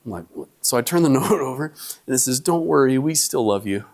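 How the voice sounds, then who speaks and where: A middle-aged man giving a humorous lecture, telling family stories with lively acted-out quotes to an audience in a lecture hall. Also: medium pitch, brisk. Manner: animated storyteller, acts out family quotes.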